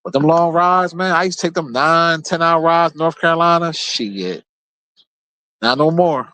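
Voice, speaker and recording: A man's voice: on the high side, a little slow, sharp tone, smooth, no room sound. A man hosting his own show, telling loose, rambling stories in a casual, profane, laid-back way. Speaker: show host. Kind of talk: casual storytelling monologue.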